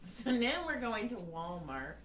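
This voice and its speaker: A woman's voice: a little high, big pitch swings, a little slow, fairly bright tone. A woman co-hosting a podcast, telling everyday stories in casual chat and laughing often. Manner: giggly storyteller, laughs often. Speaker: podcast co-host. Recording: echoey room, distant mic, faint noise.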